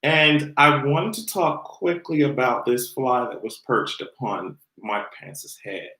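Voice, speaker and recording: A man hosting a casual livestream, ranting about pop culture in an animated, exasperated way and laughing often. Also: mid-range voice, takes it slowly, reverberant, low-quality recording. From Jamaican heritage. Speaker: livestream host. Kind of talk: casual commentary rant.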